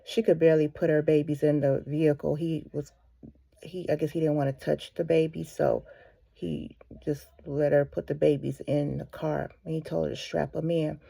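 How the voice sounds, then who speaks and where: A woman's voice: deep voice, level tone, normal speed, gravelly, dark tone, husky, dry recording. A woman speaking for a ministry, retelling a story casually with many fillers and restarts. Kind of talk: casual spoken devotional.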